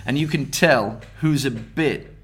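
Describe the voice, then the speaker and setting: A man's voice: mid-range voice, measured pace, fairly bright tone. A man who works as a stage mind reader, telling stories in casual podcast chat, with many restarts. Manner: chatty storyteller, many restarts.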